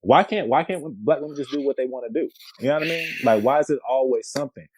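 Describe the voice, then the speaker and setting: A man's voice: medium pitch, quick pace, a little mellow, no room sound, rough recording. A man co-hosting a podcast in casual chat, talking in a loose, rambling way with lots of "dude" and "I don't know.". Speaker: podcast co-host.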